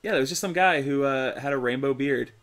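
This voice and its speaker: A young man, co-hosting a gaming video, chatting in a laid-back, halting way while he plays. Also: medium pitch, fairly bright tone, a little hiss or hum. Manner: laid-back, halting, full of fillers and restarts. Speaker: gaming co-host. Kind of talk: casual chat while playing a horror game.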